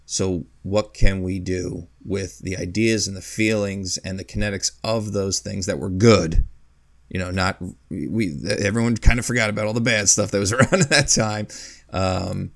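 A man's voice: low voice, steady tone, normal speed, vocal fry, no room sound, studio quality. A man co-hosting a casual podcast, rambling through long lists and chuckling mid-sentence. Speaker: podcast co-host. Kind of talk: casual podcast chat about video games.

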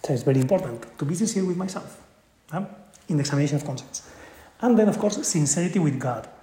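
A man with a somewhat high voice gives an earnest, conversational spiritual talk. He keeps checking in with his listeners as he makes his points, and his voice rings in a roomy, echoing space. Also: expressive, fast talker, warm tone. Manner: earnest, tags points with "right?". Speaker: spiritual speaker. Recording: echoey room.

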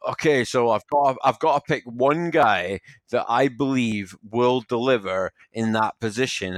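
A man's voice: mid-range voice, no echo, clean studio sound. Man saying "like" constantly. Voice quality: filler-heavy, says "like" constantly. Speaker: podcast guest. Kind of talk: casual football chat.

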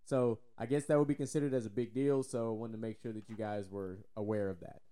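A man's voice: fairly low pitch, fairly even intonation, fast, dark tone. A Texan man co-hosting a casual sports podcast, loose and joking, swearing freely. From Texas. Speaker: podcast co-host.

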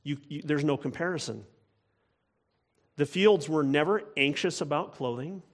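A man's voice: a little high, normal speed. A man preaching a sermon, earnest and emphatic, often repeating phrases for weight. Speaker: pastor.

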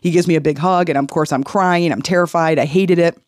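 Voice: medium pitch, fairly quick, dry recording. Dry-voiced podcast host telling a story. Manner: animated, acts out quoted voices. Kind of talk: personal storytelling.

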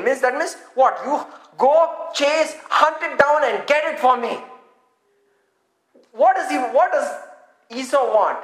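A woman's voice: sits high, fairly bright tone. A woman preaching a sermon, reading scripture aloud and having the congregation repeat words back to her. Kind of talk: interactive sermon, teaching with call-and-response. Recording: echoey room.

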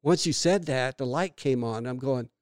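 A middle-aged man co-hosting a podcast, telling stories in a lively way and laughing often. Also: mid-range voice, moderate pace, smooth, no room sound, studio quality. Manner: animated storyteller who laughs often. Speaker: podcast co-host. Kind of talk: casual chat.

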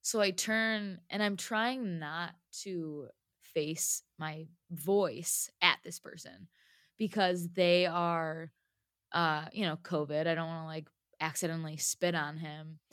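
A woman's voice: deep voice, slow pace, no room sound, studio quality. A woman telling a personal story in a casual chat, with lots of "like" fillers. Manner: chatty, lots of "like", animated retelling.

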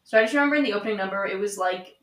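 A young woman chatting as a podcast guest, upbeat and slangy with easy laughter. Her mid-pitched voice rings out in a roomy space with clear echo. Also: very fast, a bit bright. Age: young adult. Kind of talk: casual chat.

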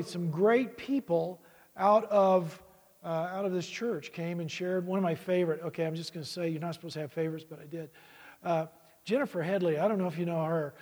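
A man's voice: high voice, darkish tone, big-room sound. A man who is a guest preacher and college vice president, giving a rambling, self-deprecating sermon in a church with jokes and many restarts.

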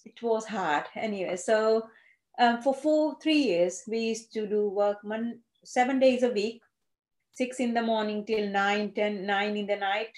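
A woman's voice: mid-range voice, darkish tone. Woman, hesitant, in a roomy space. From India (Gujarat). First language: Gujarati. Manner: hesitant, many fillers and restarts. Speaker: interviewee. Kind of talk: personal storytelling. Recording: roomy echo.

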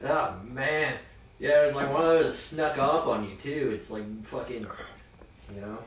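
A man's voice: medium pitch, moderate pace, reverberant, distant mic, slight background noise, poor audio. A man co-hosting a casual podcast, rambling and swearing as he chats and laughs easily. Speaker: podcast co-host. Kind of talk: casual drunk podcast chat.

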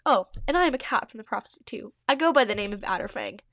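A woman's voice: on the high side, expressive, quick pace, a bit bright, dry recording, clean studio sound. A woman voicing an injured tomcat warrior in a read-aloud fan story, questioning and half-joking. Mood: wary.

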